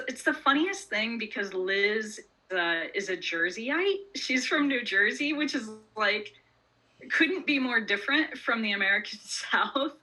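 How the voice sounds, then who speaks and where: Bright chatty woman, author on an interview, lots of likes and ums, laughs a lot. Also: mid-range voice, rough recording. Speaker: author guest. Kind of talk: casual interview chat.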